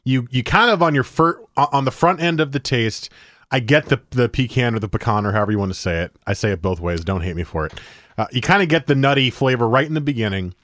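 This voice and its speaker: A man's voice: medium pitch, lively intonation, fast talker, fairly bright tone, no room sound, studio quality. A man co-hosting a casual beer tasting chat, talking at length through tasting notes. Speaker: co-host presenting a beer of the week.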